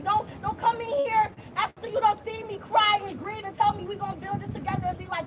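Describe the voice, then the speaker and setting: High-voiced woman giving a fiery street speech. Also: level tone, fairly quick, few pauses, muffled recording. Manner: fiery, preacherly, repeats phrases, swears. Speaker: community activist. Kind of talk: impassioned protest speech. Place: outdoor street gathering. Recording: loud crowd and street noise outdoors.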